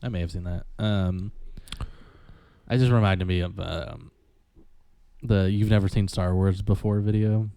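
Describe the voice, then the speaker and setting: A man's voice: low-pitched, fairly even intonation, unhurried, creaky, long pauses, dark tone, clean tone, dry recording. A young man, casually chatting and rambling through stories as a podcast co-host. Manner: laid-back, rambling storyteller. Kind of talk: casual chat.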